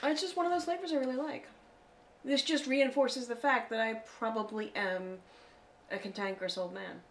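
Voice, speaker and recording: A woman from the United States co-hosting a casual chat, playful and chatty and quick to laugh. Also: on the high side, fairly even intonation. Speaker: co-host.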